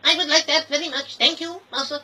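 A loyal robot dog, answering his master in a formal, courteous way. His voice sits very high and bright, with an odd, artificial timbre, in a fan-made audio parody. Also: steady tone, a little fast, exaggerated voice. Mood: polite.

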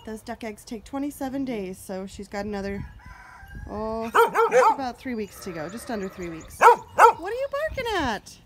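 A woman giving a casual walk-around farm vlog, chatty, switching to a high sing-song voice for her animals. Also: lively intonation, moderate pace. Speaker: farmer vlogger. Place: outdoors on a farm. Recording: loud outdoor noise with animal sounds.

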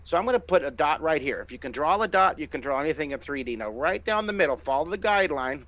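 A middle-aged man hosting a live online drawing lesson, giving excited, encouraging step-by-step instructions as he sketches. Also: a little high, quick pace. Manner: enthusiastic, encouraging, exclamatory. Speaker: drawing teacher and host.

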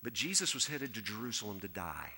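Bright-voiced Texan preacher in a church hall. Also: male voice, lowish voice, big pitch swings, a little fast, slight background noise. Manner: conversational preaching, acts out quoted voices, drops to a hush for appeals. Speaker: pastor. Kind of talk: sermon. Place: church sanctuary.

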